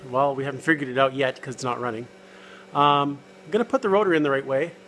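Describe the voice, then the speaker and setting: A man's voice: mid-range voice, fast, fairly bright tone, slight background noise. A man filming a casual garage vlog, talking while he works on an old car, jokey and self-deprecating. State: out of breath. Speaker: car hobbyist vlogger. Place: home garage and driveway.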